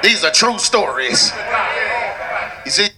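A male preacher giving an emphatic sermon in a church, building from plain talk up to shouts. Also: high-pitched, expressive, slow, over a noisy crowd, low-quality recording.

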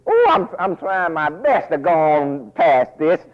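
A man preaching a folksy, animated sermon full of asides, recorded as a dull lo-fi radio broadcast. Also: on the high side, measured pace.

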